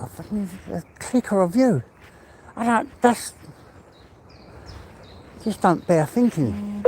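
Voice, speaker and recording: A man's voice: high voice, a little mellow, slight background noise, rough recording. An English man hosting a casual outdoor livestream chat, slightly out of breath, rambling and down-to-earth. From England. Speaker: livestream host. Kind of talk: casual walk-and-talk chat.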